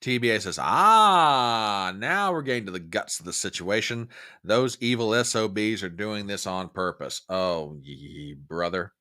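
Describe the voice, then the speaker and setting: A middle-aged man hosts a live stream and talks straight to his viewers. His voice is bright and forceful, and he rants with heated emphasis while reading their comments. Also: fairly low pitch, expressive, measured pace. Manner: emphatic, ranting, swings from warm to furious. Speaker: host.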